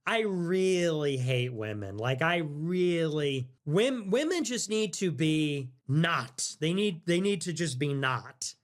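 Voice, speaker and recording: A young man hosting a livestream, ranting casually in a sarcastic, mocking, profane way, jumping between squeaky mock voices and low mutters. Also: expressive, takes it slowly, hardly any pauses. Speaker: livestream host.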